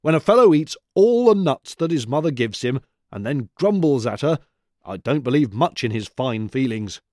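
A man voicing a gruff, impatient old father squirrel who snaps and blusters, in a storybook reading. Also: mid-range voice, big pitch swings, normal speed, darkish tone, no echo, studio quality, pitched above the performer's own voice, lightly acted. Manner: snapping, blustering.

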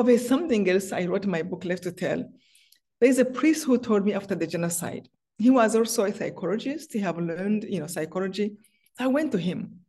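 A woman's voice: medium pitch, mellow. A middle-aged woman from Rwanda, a guest author in a faith interview, telling personal stories with feeling and frequent restarts. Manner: heartfelt, personal storytelling with many restarts.

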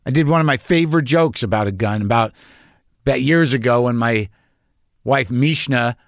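A man's voice: medium pitch, normal speed, no room sound, studio quality. Wry, confessional man in his fifties. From New Mexico. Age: 50s. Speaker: podcast host. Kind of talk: casual monologue.

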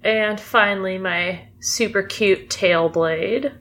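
A woman's voice: mid-range voice, slow, fairly bright tone. A woman playing a tabletop game, describing her attacks in a playful way. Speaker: player. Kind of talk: casual tabletop play.

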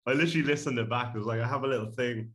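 A man's voice: mid-range voice, very fast, fairly bright tone. A man co-hosting a podcast in casual, joking chat, laughing often. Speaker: podcast co-host. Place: Bondi home.

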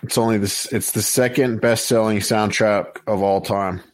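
Low-voiced male podcast host reading lists. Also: moderate pace. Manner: steady, list-reading with many fillers. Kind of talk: casual chat, reading out lists.

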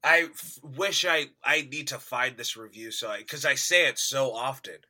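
A man co-hosting a casual movie review chat, animated and quick to laugh. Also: mid-range voice. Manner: animated, laughs often, mimics actors with loud outbursts.

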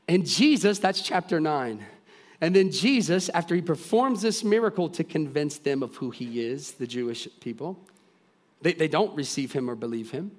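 A man preaching a sermon, retelling a story with lively acted-out voices and dropping to quiet, earnest intensity. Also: on the high side, moderate pace. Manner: animated storytelling, acting out voices of characters; drops to soft, quiet intensity.

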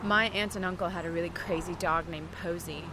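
A woman's voice: fairly low pitch, steady tone, a little fast, background noise. A woman guest on a podcast, chatting outdoors by a reservoir in a playful, giggly, chatty way. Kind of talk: casual outdoor chat.

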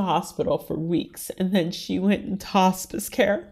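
A woman's voice: fairly low pitch, fairly even intonation, a little slow, gravelly, hardly any pauses, darkish tone, husky. A woman from the Washington, D.C. area, talking frankly and chattily as an interview guest. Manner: frank, chatty, heavy use of "like". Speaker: interview guest, writer and stylist. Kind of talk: candid personal interview conversation.

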